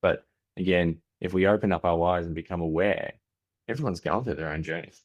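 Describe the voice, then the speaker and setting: A man's voice: sits low, fairly quick, muffled recording. A man in his forties with an Australian accent, a podcast guest telling candid stories, often restarting sentences and acting out family dialogue. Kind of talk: candid conversational storytelling.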